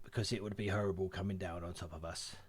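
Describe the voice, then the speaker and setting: A man's voice: deep voice, fairly even intonation, fast, breathy edge. A man playing a tabletop game who jokes with a slight stammer. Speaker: player. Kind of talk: casual tabletop game chat.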